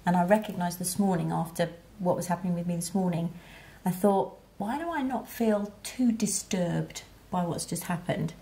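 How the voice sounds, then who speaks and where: Low-voiced woman sharing her story. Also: moderate pace, mellow. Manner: candid, acts out quoted inner voices. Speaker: podcast guest. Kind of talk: reflective conversation.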